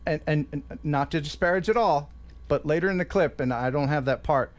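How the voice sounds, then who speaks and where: A man's voice: fairly high pitch, fairly quick. A man hosting a live stream, joking around and reading chat messages. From USA. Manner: joking, animated. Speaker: host.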